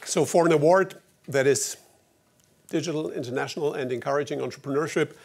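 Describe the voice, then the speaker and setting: At an award ceremony, a man from Germany delivers the formal opening remarks in a German accent, wry and anecdotal, with slightly halting phrasing. His fairly high voice is creaky, and there's noise in the background.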